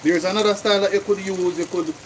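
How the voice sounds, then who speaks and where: A man's voice: high-pitched, fairly even intonation, quick pace, a little hiss or hum, rough recording. A man with a Jamaican accent co-hosting a cooking live stream, chatting to viewers and explaining things in patois. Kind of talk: casual live-stream chat.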